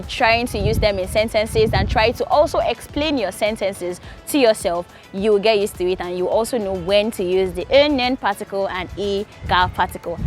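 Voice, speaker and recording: A young woman from Nigeria teaching Korean grammar in a casual, patient way, repeating key points slowly. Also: medium pitch. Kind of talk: casual explanatory lesson.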